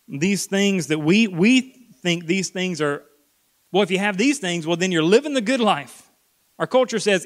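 A pastor's sermon unfolds at a measured pace, his voice slightly higher than usual. He speaks earnestly, leans on repeated words for emphasis, and falls to a hush on the key points.

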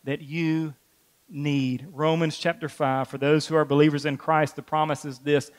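A man's voice: on the high side, level tone, normal speed. A middle-aged man preaching a sermon, earnest, repeating key phrases for emphasis. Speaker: pastor.

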